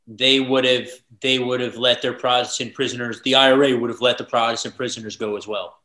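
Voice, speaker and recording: Curious podcast host in a roomy echo. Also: male voice, mid-range voice, steady tone, a little fast, pushed and bright. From United States. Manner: curious, asks plain questions. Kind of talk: casual interview chat.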